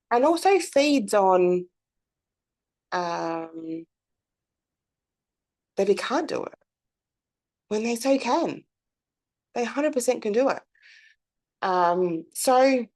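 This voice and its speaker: Slow, chatty woman host. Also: fairly low pitch, a little mellow. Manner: chatty, candid, swears freely, lots of fillers. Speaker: podcast host. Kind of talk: casual reflective monologue.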